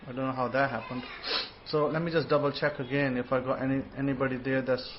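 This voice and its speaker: A man's voice: mid-range voice, flat delivery, a little hiss or hum. Man teaching scripture over muffled audio. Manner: rambling, repeats words, sounds out syllables slowly. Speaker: host and religious teacher. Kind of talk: informal online scripture teaching.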